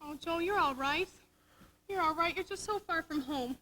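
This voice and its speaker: A teenage girl playing a bubbly but torn young Navy nurse in a school stage musical. Her voice is extremely high and bright. She talks in breathless, emotional, stammering pleas. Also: moderate pace, slight background noise, poor audio. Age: late teens. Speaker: student actor in a school musical. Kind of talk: amateur stage musical acting.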